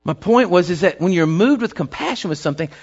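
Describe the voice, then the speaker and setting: A man's voice: high-pitched, lively intonation, fast talker. A man preaching a sermon, telling a story in a folksy, rambling way. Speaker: pastor. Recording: dull lo-fi recording.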